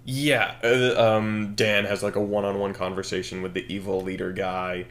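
Low-voiced man brainstorming, laughing. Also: normal speed. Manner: animated, laughing, acts out scenes. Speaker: podcast co-host. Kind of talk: casual brainstorming chat.

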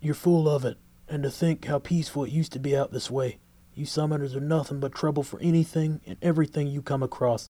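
A man voicing a gruff, hot-tempered old-time cowboy gunman who scolds angrily in a storybook reading. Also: mid-range voice, flat delivery, brisk, few pauses, mellow, dry recording, lightly acted. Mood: angry. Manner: angry, scolding.

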